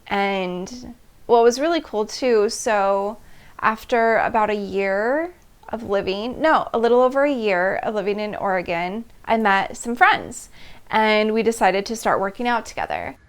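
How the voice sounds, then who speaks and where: A woman in her thirties hosting a personal storytelling monologue, animated and laughing between phrases as she acts out her past reactions. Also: medium pitch, a little slow, clear, resonant tone. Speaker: host.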